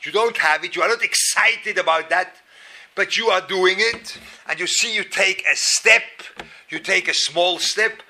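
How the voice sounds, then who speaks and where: High, bright-voiced man lecturing emphatically. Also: measured pace. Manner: emphatic, acts out inner voices with rising and falling pitch; mixes Hebrew and Yiddish terms into English. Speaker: rabbi teaching a Torah class. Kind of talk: spoken Torah lecture to an audience.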